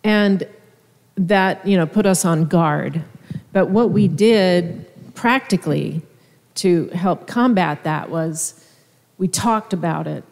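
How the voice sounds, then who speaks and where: A woman, a minister's wife, telling her story at a seminar in a soft, hesitant, conversational way. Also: lowish voice, takes it slowly, creaky. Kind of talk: personal testimony at a seminar. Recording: echoey hall.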